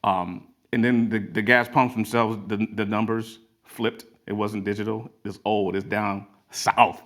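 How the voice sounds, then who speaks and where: A man's voice: lowish voice, level tone, unhurried, a bit bright. A man telling folksy parable-like stories as a motivational talk, in a garage converted into a studio. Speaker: creative studio owner. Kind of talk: motivational storytelling.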